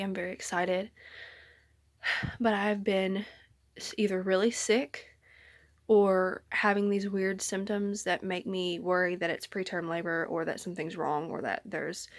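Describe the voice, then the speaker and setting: A woman's voice: mid-range voice, dry recording, studio quality. A young woman chatting casually in a pregnancy update vlog from her bedroom. She is a little out of breath and talks in a rambling, apologetic way with many ums, filming on a handheld phone. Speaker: vlogger. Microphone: handheld phone camera at arm's length.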